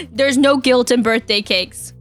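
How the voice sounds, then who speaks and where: A woman's voice: high voice, a bit bright. A young woman streaming live, chatting casually and giggling as she talks to her chat. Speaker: vtuber streamer.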